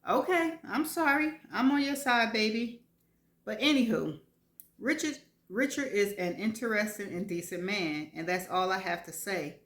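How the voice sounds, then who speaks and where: A woman's voice: medium pitch, moderate pace, a bit bright, natural voice. Woman voicing a sassy, bossy best friend. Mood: affectionate. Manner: teasing, blunt, scolding. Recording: roomy echo.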